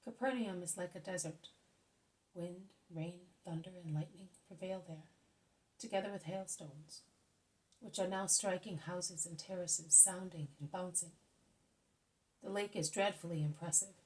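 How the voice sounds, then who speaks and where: A woman narrating a religious story in a steady, measured reading. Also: lowish voice, poor audio. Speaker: audiobook reader. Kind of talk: scripted narration.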